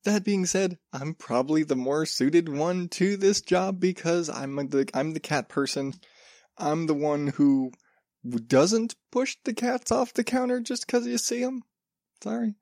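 A man's voice: high-pitched, a little slow, a little mellow, no room sound, clean studio sound. A man hosting a casual solo podcast, rambling with lots of restarts and swearing freely. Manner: rambling, profane, self-interrupting. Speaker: podcast host.

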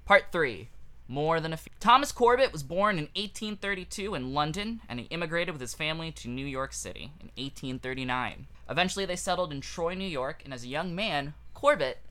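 A man's voice: a little high, lively intonation, a little fast, pushed and bright. A man co-hosting a comedy podcast, telling a history story in a casual, jokey way and laughing at his own asides. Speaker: podcast co-host.

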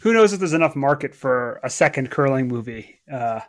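A man's voice: mid-range voice, expressive, brisk, dry recording, clean studio sound. A man co-hosting a sports podcast in casual chat, opinionated but hedging, with frequent restarts. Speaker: podcast co-host.

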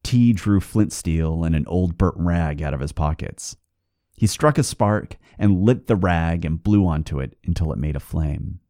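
Deep, lively male storyteller. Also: no room sound, studio quality. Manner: expressive storytelling. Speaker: podcast host and storyteller. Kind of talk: reading a folk tale aloud.

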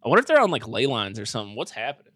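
A man's voice: mid-range voice, wildly swooping pitch, rapid-fire, fairly bright tone, no room sound. A young man co-hosting a casual comedy podcast, reading facts aloud and then joking around with swearing. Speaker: podcast co-host reading about the topic.

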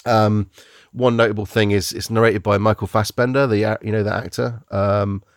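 Guy rambling about movies on a podcast, keeps restarting sentences, gravelly voice, dry close sound. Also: on the low side, little pitch movement, moderate pace, no echo. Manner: rambling, restarts often, searches for words. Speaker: podcast host reviewing films. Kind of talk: casual chat.

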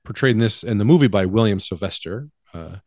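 A man's voice: on the low side, animated, a little fast, darkish tone, dry recording. Chatty middle-aged man, dry close sound. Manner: rambling, chatty, drifts off mid-thought. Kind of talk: casual chat about a film.

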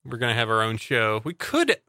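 A male podcast host with a bright, crisp voice and a slightly high pitch. He talks casually and playfully, filling gaps with ums and uhs. The sound is dry and close. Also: huge pitch swings, brisk, no echo. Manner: playful, rambling, with frequent fillers. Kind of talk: casual chat.

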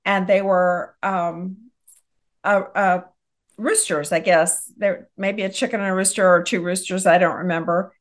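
A woman's voice: lowish voice, steady tone, a little slow. Hesitant woman in casual chat. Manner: hesitant, many restarts. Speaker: guest in a conversation.

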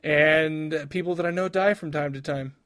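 A man's voice: fairly high pitch, fairly even intonation, normal speed, a bit bright. A man co-hosting a casual podcast chat, talking in rambling bursts with lots of restarts and laughs. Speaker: podcast co-host.

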